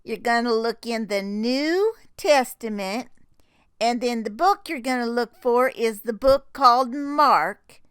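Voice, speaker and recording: An older woman hosting a children's Bible story show, telling it in a chatty, rambling, homespun way with plenty of fillers. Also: high-pitched. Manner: chatty, rambling, homespun, warm toward kids. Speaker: storytelling host.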